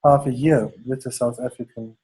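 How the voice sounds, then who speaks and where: A man's voice: medium pitch, steady tone, normal speed, a crowd in the background, low-quality recording. A man in his fifties with a German accent, a guest in an interview, talking in a rambling, hesitant way with many fillers. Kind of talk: conversational interview.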